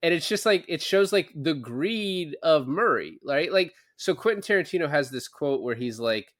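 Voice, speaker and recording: A man's voice: fairly high pitch, animated, moderate pace, fairly bright tone. A man co-hosting a podcast, chatting casually about a film and laying out his opinions point by point. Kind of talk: casual film discussion chat.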